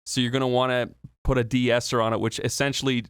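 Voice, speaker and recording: Chill guy walking you through audio settings, smooth clean voice, dry close mic, says uh a lot. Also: mid-range voice, little pitch movement, fast, dry recording. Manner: loose, explaining step by step with fillers and the odd swear. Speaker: audio tutorial presenter. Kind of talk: casual spoken tutorial.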